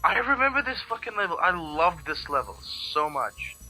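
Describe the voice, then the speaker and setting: A man's voice: sits high, very animated, moderate pace, bright, forceful tone, soft background music. A man chatting casually over a video game, rambling, swearing freely and often hunting for the right word. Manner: rambling, profane, searching for words. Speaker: let's play co-host. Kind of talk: casual chat over gameplay.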